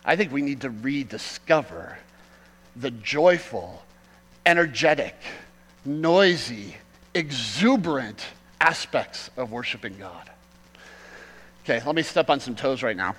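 A man preaching a sermon as pastor, swinging from loud emphatic peaks to quiet asides. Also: medium pitch, big pitch swings, a little slow, pauses often, big-room sound, low-quality recording.

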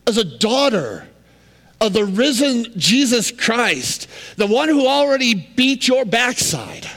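Male pastor, sermon, high voice, conversational and emphatic, long hall reverb. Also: very animated, slow. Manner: conversational, emphatic, swings from loud to quiet.

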